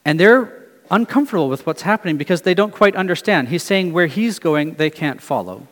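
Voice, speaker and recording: Preaching briskly with lively intonation, a middle-aged pastor's fairly high voice rings through a church hall's long reverb. He poses questions earnestly and allows some phrases to fade to quiet during the sermon.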